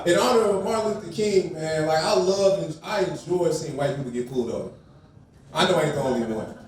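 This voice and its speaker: Brash high-voiced stand-up comic, echoey club. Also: male voice, a little fast, a little hiss or hum. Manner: brash, crude, crowd-baiting. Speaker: stand-up comedian. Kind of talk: stand-up set. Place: comedy club stage. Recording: echoey room, from a distance.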